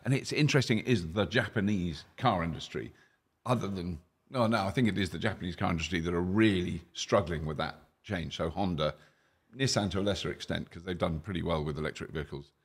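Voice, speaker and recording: A man with a very deep, husky voice, hosting a casual chat at a kitchen table. He talks fast and thinks aloud, backing up to restart his sentences. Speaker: host.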